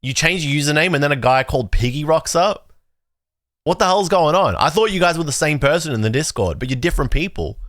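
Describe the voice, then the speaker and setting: A man hosting a livestream, chatting casually with his viewers in a rambling, excitable way and swearing freely. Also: fairly high pitch, a little fast, dry recording, clean studio sound. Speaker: livestream host. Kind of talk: casual chat reacting to chat.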